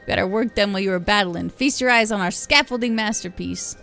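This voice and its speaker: Streamer lady doing a gruff construction boss lady w a boston-ish accent, folksy, calls u kid, faint game music behind. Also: medium pitch, quick pace, fairly bright tone. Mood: bossy, folksy. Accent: put-on Boston-style accent. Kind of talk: reading game dialogue aloud.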